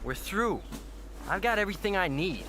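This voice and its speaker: A man's voice: sits high, sing-song, normal speed, very noisy. An actor playing a bitter, defiant young male skater hero in a video game cutscene. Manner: curt, bitter.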